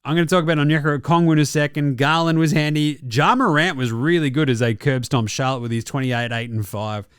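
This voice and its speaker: A brash young Australian man rattles through basketball commentary with profane jokes, his voice sitting a little high. It sounds smooth and resonant, taken close on a mic in a dry, dead room. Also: steady tone, fast, few pauses, dry recording. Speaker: basketball show host. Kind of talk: casual sports commentary.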